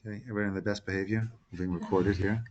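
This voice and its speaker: A man's voice: low-pitched, steady tone, racing, darkish tone, lo-fi sound, a little hiss or hum. Man teaching as a rabbi, chatty. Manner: conversational, asks the group questions, retells stories with quoted dialogue. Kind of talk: informal lesson to a small group. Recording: recorded conference call.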